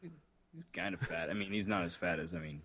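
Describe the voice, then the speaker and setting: Male co-host, deadpan crude quips, dry close recording. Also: low voice, fast, slightly rough, no echo. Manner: wisecracking, profane. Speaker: podcast co-host. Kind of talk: casual chat.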